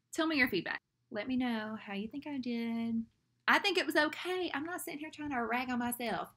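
A woman's voice: high voice, fairly quick, a bit bright. Anxious, rambling young woman. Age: young adult. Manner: anxious, rambling and self-doubting, with nervous laughs. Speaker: vlogger. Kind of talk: casual vlog talk to camera.

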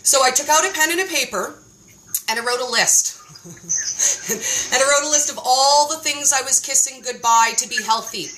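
A woman hosting a casual chat, telling stories in an animated, playful way and acting out quotes. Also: high-pitched, normal speed, rough recording. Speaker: host.

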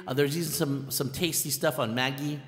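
A man hosting a band's live stream in casual chat, excitable and rambling, with lots of fillers and restarts. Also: mid-range voice, moderate pace. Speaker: band leader and live stream host. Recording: echoey room with long reverb.

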